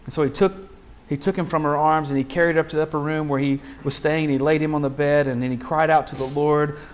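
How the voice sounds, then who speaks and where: Guy pastor preaching, kinda high voice, chatty, lots of questions and restarts. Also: level tone, fast. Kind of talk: sermon.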